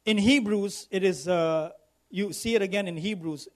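A pastor with a high-sitting voice preaches a sermon at a moderate pace. He repeats phrases with rising emphasis and calls for responses from the congregation.

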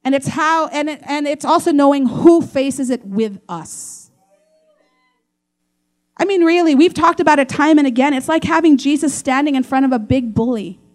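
A woman with a high voice preaches a sermon. She is animated and acts out the voices she quotes. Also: normal speed. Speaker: pastor.

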